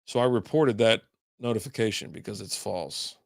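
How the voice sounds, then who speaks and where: A man's voice: lowish voice, expressive, moderate pace, gravelly, no room sound, studio quality. A middle-aged man hosting a beer podcast livestream, chatting in a rambling, casual way and swearing freely.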